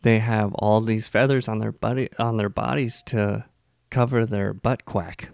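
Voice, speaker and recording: A man co-hosting a casual podcast chat, easygoing and quick to laugh at his own jokes. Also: on the low side, steady tone, vocal fry, a little mellow, no echo, clean studio sound. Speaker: podcast co-host.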